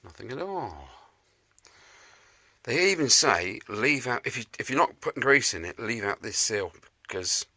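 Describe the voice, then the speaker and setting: A man's voice: medium pitch, very animated, moderate pace, bright, forceful tone. A man with a chatty, jokey, self-mocking manner, talking casually to camera as he works in his home shed restoring a scooter. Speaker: motorbike restoration vlogger.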